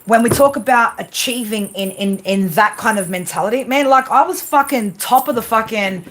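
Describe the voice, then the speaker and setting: This tarot card reader speaks at a normal speed in a voice on the high side. During her live readings she is blunt and rambling, dishes out tough love laced with heavy swearing, and keeps adding "right?" to her lines.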